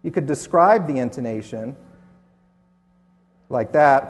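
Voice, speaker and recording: In a hotel conference hall with long reverb, a man gives a presentation full of sardonic, dry humor. His voice sits on the high side, expressive and darkish in tone, at a normal speed.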